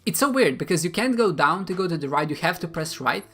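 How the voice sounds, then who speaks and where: A streamer giving snarky, jokey commentary on a story game and reading its text messages aloud in a flat, robotic way. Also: mid-range voice, fast, breathy edge, faint music behind. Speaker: gaming streamer. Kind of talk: casual let's-play commentary reading game texts aloud.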